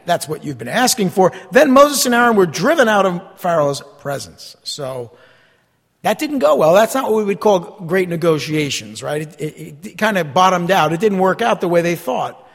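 A man with a high voice delivers a sermon as a pastor. He keeps it conversational and often turns rhetorical questions on his listeners. His voice rings out with a long reverb, as in a large hall.

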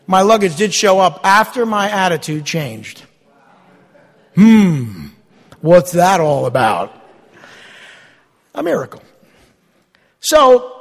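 Animated preacher man in a reverberant hall. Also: high-pitched, slightly rough. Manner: animated, swings from loud to hushed. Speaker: pastor. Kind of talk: sermon.

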